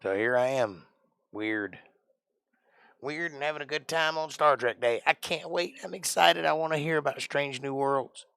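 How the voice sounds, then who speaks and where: A man's voice: fairly high pitch, moderate pace, vocal fry, few pauses, sharp tone, smooth, no echo. A man hosting a casual live stream, joking around in a put-on accent and sounding tired. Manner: joking, puts on an odd made-up accent. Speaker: livestream host.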